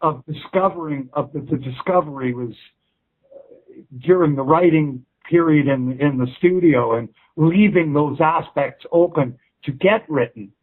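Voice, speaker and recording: A man's voice: fairly high pitch, unhurried. A male musician chatting in an interview, restarting sentences and swearing freely. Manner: rambling restarts, frequent swearing. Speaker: musician guest. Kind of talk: casual interview chat. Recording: tinny phone line.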